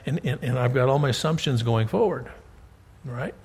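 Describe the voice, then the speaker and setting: Middle-aged male preacher, husky gravelly voice, chatty sermon, long church-hall reverb. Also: mid-range voice, expressive, moderate pace, darkish tone. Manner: conversational, repeats words, checks in with "got it?".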